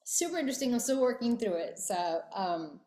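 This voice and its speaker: A woman's voice: on the high side, expressive, fairly quick, dark tone, echoey room. A woman hosting a podcast, talking candidly and reflectively about her dreams, and saying she is getting emotional. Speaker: podcast host. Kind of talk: reflective personal podcast talk.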